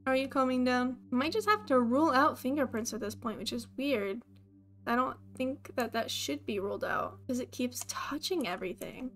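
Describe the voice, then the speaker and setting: A woman giving casual gameplay commentary, swearing a lot, jumpy, talking to the ghost and yelling at it. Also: high voice, lively intonation, moderate pace. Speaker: streamer playing solo.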